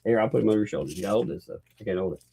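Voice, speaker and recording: A man's voice: lowish voice, racing, creaky, mellow, a little hiss or hum. A father hosting a casual livestream, playfully joking and laughing while he talks with his young daughter. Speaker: livestream host.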